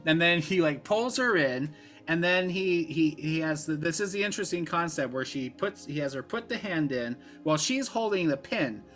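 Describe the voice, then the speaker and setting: An animated man chatting casually about a film, with a high, bright, lively voice. He breaks into little acted-out voices as he recounts scenes, and faint music sits behind him. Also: normal speed. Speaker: podcast co-host. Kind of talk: casual movie discussion.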